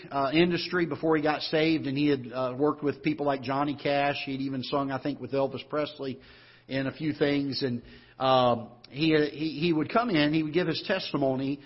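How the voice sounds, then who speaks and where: Husky folksy preacher on a dull broadcast. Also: male voice, a little high, steady tone, moderate pace. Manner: folksy storytelling preacher with repeated "he said" and restarts. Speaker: pastor. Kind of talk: sermon. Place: church auditorium.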